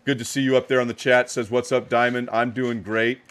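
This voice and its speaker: A middle-aged man runs a live card-opening stream, calling out to chat viewers in an upbeat, hyped way. He sounds a little tired under the energy, and his voice sits at an everyday middle pitch. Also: flat delivery, brisk, fairly bright tone. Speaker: live card-break host.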